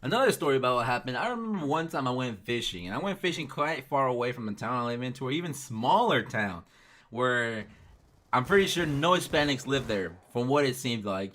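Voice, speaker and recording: A young man from the United States chatting casually and telling personal stories over gameplay, acting out the lines people said. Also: mid-range voice. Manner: chatty, animated, acts out quoted lines. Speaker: gaming YouTuber.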